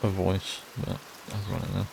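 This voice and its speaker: Man, game commentary, blunt, self-deprecating, loud rain noise behind. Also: deep voice, monotone, a little slow, gravelly. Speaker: gaming streamer. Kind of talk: let's play commentary.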